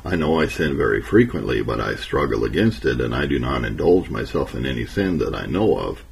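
Sorrowful humble woman, soft and trembling, apologetic, man reading her in a deep gravelly voice. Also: big pitch swings, a little fast, a little hiss or hum, heavily acted. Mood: tearful, apologetic. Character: sorrowful, tearful middle-aged woman, gentle and humble.

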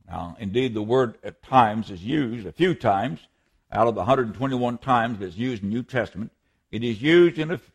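A man preaching a sermon as a pastor, earnest and emphatic, sometimes restarting a word. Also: medium pitch.

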